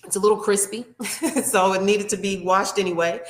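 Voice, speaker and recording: A woman's voice: medium pitch, fairly even intonation, normal speed, reverberant. A woman working as a nail technician, telling an earnest, heartfelt story in an interview, acting out what people said. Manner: earnest and heartfelt, with frequent restarts and acted-out quotes.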